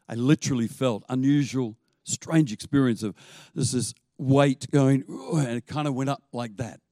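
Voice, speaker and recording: A man preaching a sermon as pastor. He tells stories in an animated way and laughs now and then. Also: medium pitch, moderate pace, dry recording.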